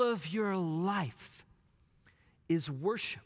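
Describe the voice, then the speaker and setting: A pastor preaching a sermon emphatically, dropping at times to a hushed voice. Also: male voice, high voice, expressive, takes it slowly. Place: church sanctuary. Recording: long reverb of a large hall.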